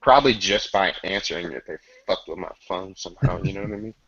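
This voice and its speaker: A man's voice: sits low, animated, fast talker, fairly bright tone, lo-fi sound. A man telling stories in casual chat, loose and profane, often laughing.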